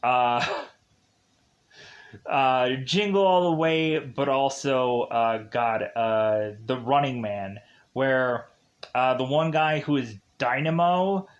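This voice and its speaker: Slow, rambling male movie reviewer. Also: medium pitch, highs cut off. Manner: rambling, heavy on fillers and restarts; self-amused, laughs at his own tangents. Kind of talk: casual film recap.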